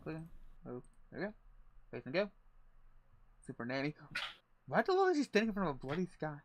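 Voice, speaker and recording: A man with a fairly high voice hosts a casual group stream. He is easygoing and narrates his scrolling as he goes. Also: big pitch swings, fairly quick, slight background noise. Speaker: stream host sharing screen.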